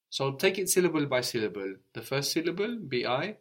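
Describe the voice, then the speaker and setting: A man's voice: medium pitch, very animated, normal speed. A man teaching a language lesson, patiently explaining word roots and prompting his student with questions.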